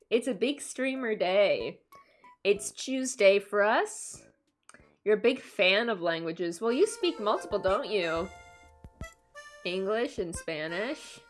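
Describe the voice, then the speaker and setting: A young woman from Canada chatting casually on a live stream, laughing often and answering her chat. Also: mid-range voice.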